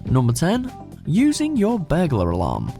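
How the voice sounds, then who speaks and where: A man's voice: fairly high pitch, wildly swooping pitch, unhurried, gravelly, music in the background. Wry male list narrator. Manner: wry, sardonic, dry. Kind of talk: scripted narration.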